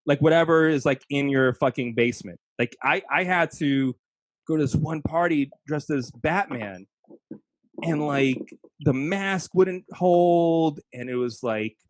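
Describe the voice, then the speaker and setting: A man's voice: a little high, measured pace, no echo. Male comedian, casual anecdotes, dry close sound, self-deprecating delivery. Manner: self-deprecating storyteller, acts out people he quotes. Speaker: comedian guest telling stories. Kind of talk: casual chat.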